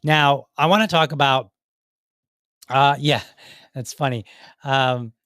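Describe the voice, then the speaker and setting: A man hosts his own show in a loose live-stream chat, rambling and circling back with fillers and restarts. His voice sits at a middle pitch. The recording is dry and close, with no room sound. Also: takes it slowly, fairly bright tone, no room sound. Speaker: podcast host. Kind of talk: casual live-stream talk.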